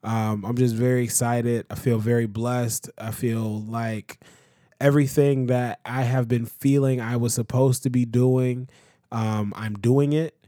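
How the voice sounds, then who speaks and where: A man's voice: mid-range voice, steady tone, a little slow, mellow, no room sound, clean studio sound. Exasperated man on a podcast mic. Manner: exasperated, laughing through protests. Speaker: podcast co-host. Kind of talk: casual podcast banter. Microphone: podcast microphone.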